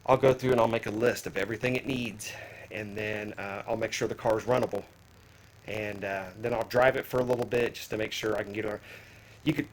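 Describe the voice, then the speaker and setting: A man's voice: medium pitch, rough recording. A man out of breath, chatting casually to viewers while walking around a car outdoors and talking about his plans for it. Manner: rambling, plain-spoken, addresses viewers as guys. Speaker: car audio vlogger. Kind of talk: casual walkaround vlog.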